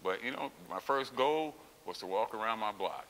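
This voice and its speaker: A middle-aged man, a former champion weightlifter, telling his story in a gym with heavy profanity and loud, acted-out outbursts. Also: on the low side, animated, moderate pace. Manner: profane, emphatic, acts out quotes with loud outbursts. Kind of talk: candid interview storytelling. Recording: long reverb with faint hiss.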